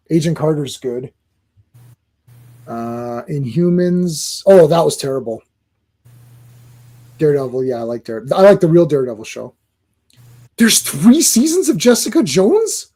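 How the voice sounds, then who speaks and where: A man co-hosting a casual podcast chat, blunt and opinionated, getting excitable. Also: fairly high pitch, moderate pace, pauses often. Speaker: podcast co-host.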